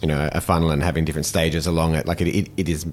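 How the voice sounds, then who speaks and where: A man hosting a casual interview, thinking aloud in quick, halting sentences full of restarts. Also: a bass voice, flat delivery. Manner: fast, halting speech with many restarts.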